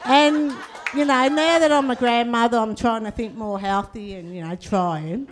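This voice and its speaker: A woman's voice: fairly high pitch, moderate pace, a crowd in the background. A middle-aged woman, telling stand-up stories in a laid-back, cheeky way and tagging lines with "eh?". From Australia. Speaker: comedian. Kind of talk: stand-up storytelling.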